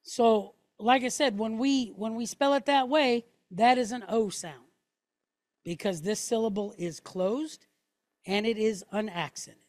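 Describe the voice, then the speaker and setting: A woman with a somewhat high voice teaches slowly and patiently, laying out each point step by step. She checks in with her listeners again and again. The sound is close and dry, with no room echo. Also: darkish tone. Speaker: Hebrew teacher. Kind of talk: classroom teaching.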